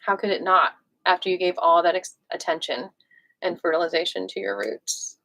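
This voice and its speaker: A woman leading a live qigong class, gushing and encouraging, swooping high on affectionate words. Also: steady tone, normal speed, gravelly, low-quality recording. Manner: gushing, sing-song, warmly encouraging. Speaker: qigong and yoga instructor. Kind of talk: live online movement class.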